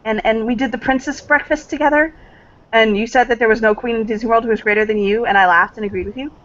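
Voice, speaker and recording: A sweet grown daughter close to tears, her voice lifted high and girlish, as a woman puts her on. She gushes in a bright, breathless, childlike rush. The recording is dull and lo-fi. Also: fairly even intonation, quick pace, natural voice. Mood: tender.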